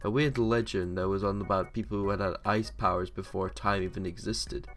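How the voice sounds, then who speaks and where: A man's voice: sits low, fairly even intonation, a little fast, a bit bright, faint music behind. A man reading a fan story aloud and voicing a playful, teasing teenage girl classmate.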